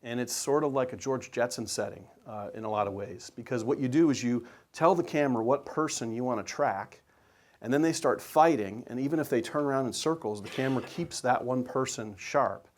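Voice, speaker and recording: A working sports photographer shows his photos to an audience, enthusiastic and relaxed in a conversational way. He talks easily and briskly at a mid-range pitch, with plenty of fillers and restarts.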